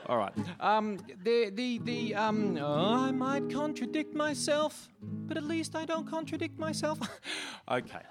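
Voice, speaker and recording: A man's voice: very high voice, a little slow, loud music behind the voice. A man doing stand-up on a live stage, rambling and stumbling through self-mocking one-liners. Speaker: stand-up comedian. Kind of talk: stand-up comedy.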